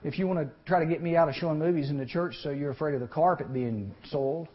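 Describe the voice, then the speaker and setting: A youth speaker preaches a sermon to young people in a slightly high voice at a fast clip, folksy and animated, often quizzing the crowd and acting out the voices of people in the story. The lo-fi recording is muffled.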